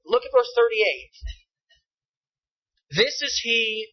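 High, husky-voiced preacher man. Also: takes it slowly. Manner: asks the congregation questions and answers them. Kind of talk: sermon. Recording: dull lo-fi sound.

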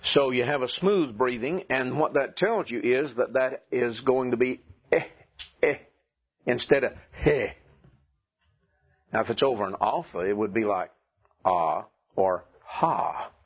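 A man teaching a classroom lesson, asking his students questions and clearing his throat now and then. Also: medium pitch, moderate pace. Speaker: Greek teacher. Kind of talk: classroom lecture. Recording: dull lo-fi classroom recording.

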